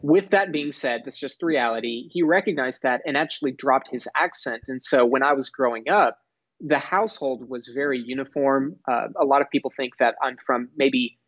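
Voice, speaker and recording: A man's voice: mid-range voice, a bit bright, no echo. Articulate young man, dry muffled sound. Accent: none, mostly neutral American with a faint Texas drawl at times. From Dallas, Texas. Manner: articulate, earnest, measured with frequent restarts. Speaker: guest, entrepreneur. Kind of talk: podcast interview.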